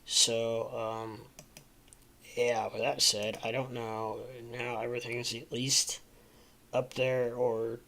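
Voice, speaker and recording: A man's voice: mid-range voice, little pitch movement, slow pace, pushed and bright. A man hosting a casual livestream from home, sleepy and rambling with lots of ums and uhs. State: sleepy, yawning. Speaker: livestream host.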